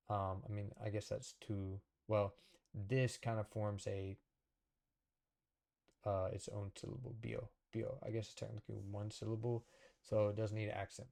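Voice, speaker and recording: A man with a lowish, mellow voice teaches a relaxed whiteboard lesson. He thinks out loud as he goes, stops to correct himself, and keeps checking in with the viewer. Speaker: language teacher.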